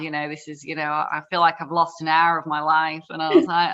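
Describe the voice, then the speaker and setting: Host: woman, chatty and animated, slightly low voice, dull lo-fi recording. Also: quick pace. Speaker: podcast host. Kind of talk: podcast interview. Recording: dull lo-fi sound.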